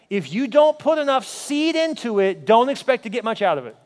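Male pastor, high-pitched voice, emphatic sermon delivery, reverberant hall. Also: very animated, fairly quick, few pauses, darkish tone. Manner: storytelling, then rising emphatic preaching with repeated rhetorical questions.

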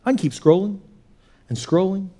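A male pastor preaching a sermon in an animated way, swinging from loud punches to hushed near-whispers. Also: high-pitched, normal speed.

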